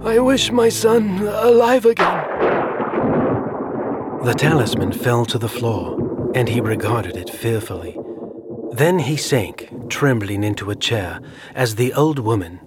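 Low-voiced man narrating a suspense tale. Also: lively intonation, noisy background. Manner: measured, suspenseful delivery. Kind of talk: scripted story narration. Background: music.

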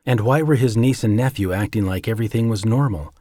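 A man reading a suspenseful story aloud in a measured way. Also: lowish voice, warm tone, dry recording, clean studio sound. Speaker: narrator. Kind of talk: scripted story narration.

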